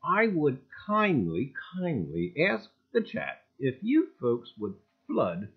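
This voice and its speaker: A man hosting a casual livestream, greeting viewers one by one with exuberant shouts and leaning on catchphrases like "gang" and "I tell you.". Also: huge pitch swings, slow, vocal fry, husky, phone-quality sound. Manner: exuberant, greets chatters one by one with sudden loud jumps in pitch. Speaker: livestream host.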